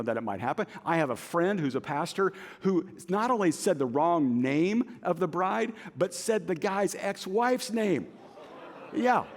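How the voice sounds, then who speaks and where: Man, pastor, sermon, middle-aged, animated storyteller, swooping pitch, long hall reverb. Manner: animated storytelling with self-deprecating humor. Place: large church auditorium.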